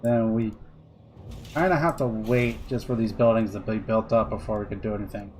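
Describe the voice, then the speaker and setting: A man's voice: on the low side, steady tone, normal speed, darkish tone, soft background music. A man streaming a strategy game, chatting casually, muttering to himself, and swearing when things go wrong. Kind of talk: casual gameplay commentary.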